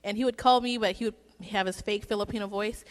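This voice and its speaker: A woman's voice: mid-range voice, steady tone, fast. A woman giving a casual, joking eulogy for her father at a church service, telling stories in a chatty way. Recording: long reverb in a church hall.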